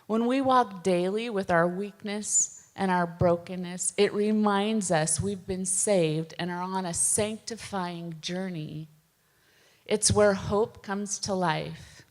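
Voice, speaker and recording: Slow, gentle woman in a reverberant hall. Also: medium pitch. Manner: slow, gentle and earnest, with soft pauses. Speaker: speaker sharing a personal testimony. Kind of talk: personal testimony talk.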